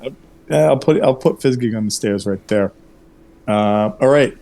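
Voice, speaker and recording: A man's voice: medium pitch, moderate pace, dark tone. A man acting as game master for an online tabletop game, talking in an easygoing way with lots of fillers and self-corrections.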